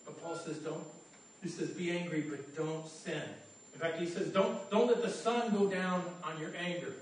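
Stammering pastor in an echoey church. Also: male voice, on the high side, fairly even intonation, normal speed. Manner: stammering repetitions, earnest and conversational. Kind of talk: sermon. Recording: echoey room from far off.

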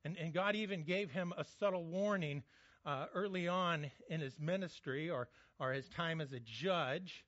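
A man's voice: on the high side, moderate pace, a bit bright, no echo, muffled recording. A man preaching a sermon in a conversational, joking way, often restarting his words. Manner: conversational, jokey, frequent restarts. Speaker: pastor.

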